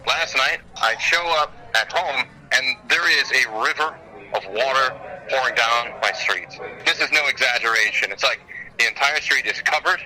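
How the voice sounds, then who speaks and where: Bright, lively storytelling man. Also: medium pitch, normal speed, low-quality recording. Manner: animated, acts out the story. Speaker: podcast co-host. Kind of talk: casual storytelling chat. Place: airport. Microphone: phone.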